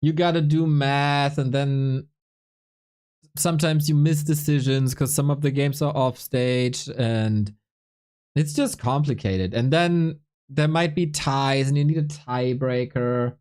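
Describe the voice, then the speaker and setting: A man's voice: mid-range voice, takes it slowly, clean tone. Tired, chatty male esports caster. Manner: relaxed, chatty, joking with chat. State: tired and a bit unwell. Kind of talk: casual live-stream commentary, chatting with viewers.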